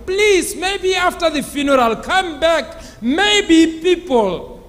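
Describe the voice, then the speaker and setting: A man voicing a grieving poor mother who pleads through sobs, his voice raised and breaking into shouts. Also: very high voice, expressive, slow pace, long reverb tail, pitched above the performer's own voice, full character voice. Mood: desperate pleading.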